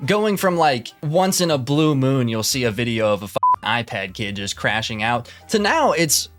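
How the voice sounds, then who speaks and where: A man's voice: mid-range voice, big pitch swings, moderate pace, a bit bright, soft background music. A man giving casual reaction commentary, rambling and swearing often, with many fillers and restarts. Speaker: commentary YouTuber.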